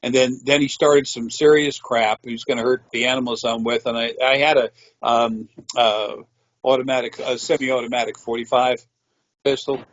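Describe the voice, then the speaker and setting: A man's voice: medium pitch, fairly even intonation, moderate pace, poor audio. A man telling a rambling personal story in a matter-of-fact way, with frequent swearing. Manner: meandering, profane, matter-of-fact. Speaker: interviewee.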